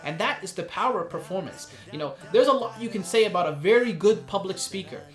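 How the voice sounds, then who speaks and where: A man giving a casual lesson on performing poetry, animated and showing the delivery he describes. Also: high voice, roomy sound, faint music behind. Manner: animated, demonstrates voices and pauses. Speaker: spoken word poetry teacher.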